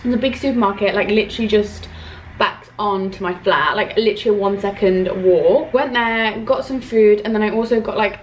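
A woman's voice: mid-range voice, distant mic, a little hiss or hum, low-quality recording. A young woman chats in a casual vlog, talking emotionally and rambling with many fillers. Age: young adult. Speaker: vlogger.

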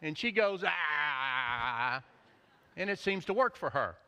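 Male pastor, bright lively delivery, joking sermon, echoey church hall. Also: high voice, fairly quick. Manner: animated, jokey storytelling. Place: church sanctuary.

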